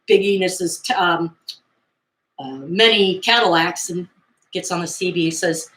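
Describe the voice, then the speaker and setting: A woman in her fifties casually recapping old movies in a chatty, animated way, acting out quotes as she goes. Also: lowish voice, a little slow, echoey room. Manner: chatty, animated retelling with acted-out quotes and laughs.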